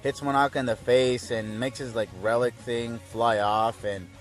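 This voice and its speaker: A man's voice: medium pitch, little pitch movement, moderate pace, soft background music. A young man casually recapping a cartoon episode, laid-back and crude with lots of fillers.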